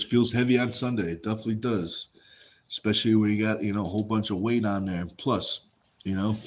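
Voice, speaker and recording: A man's voice: lowish voice, a little mellow, a little hiss or hum. A man hosting a casual livestream, reading viewer comments aloud and answering in an easygoing way, often saying a phrase twice. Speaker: livestream host.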